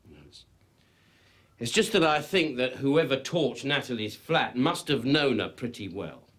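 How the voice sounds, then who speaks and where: A hesitant, soft-spoken detective. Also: male voice, medium pitch, lively intonation, a little slow. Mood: cautious. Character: patient male detective probing a witness. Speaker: police detective. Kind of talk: TV police drama acting.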